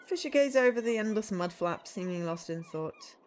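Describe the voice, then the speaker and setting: A woman, streaming and reading a narrative game aloud, chatty and animated with joking asides. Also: mid-range voice, fairly quick.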